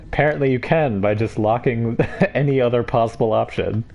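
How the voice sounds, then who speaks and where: A man's voice: mid-range voice, normal speed, creaky, darkish tone, lo-fi sound, slight background noise. A man streaming a video game, giving casual, joking commentary with chatty asides. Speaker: livestreamer.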